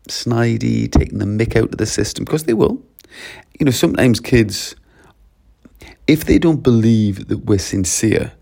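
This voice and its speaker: Male teacher trainer, lowish gravelly voice, animated coaching delivery. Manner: animated, coaching, uses lively quoted voices. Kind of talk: talk to teachers.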